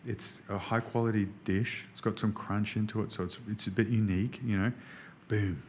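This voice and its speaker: An Australian man guesting on a podcast, telling business stories in a casual, animated way and often saying "man". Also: on the low side, normal speed, slight background noise. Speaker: restaurant executive guest.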